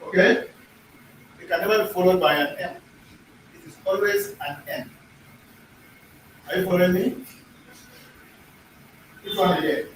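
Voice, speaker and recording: A man's voice: high-pitched, measured pace, pauses often, fairly bright tone. A man teaching a language lesson in a classroom, repeating himself and often checking that the class is following. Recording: echoey room, distant mic, faint noise.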